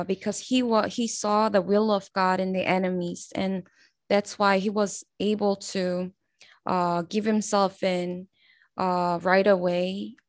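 Halting woman sharing a faith reflection. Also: medium pitch, dry recording. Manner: halting, with many fillers and restarts. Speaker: prayer group member sharing a meditation. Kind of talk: spoken faith reflection with a read excerpt.

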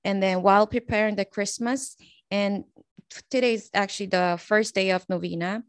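Woman, dry close sound, earnest, halting, prayer group sharing. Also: mid-range voice, fairly even intonation, smooth, no echo. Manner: earnest, with many "um" pauses. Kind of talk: devotional sharing and reading.

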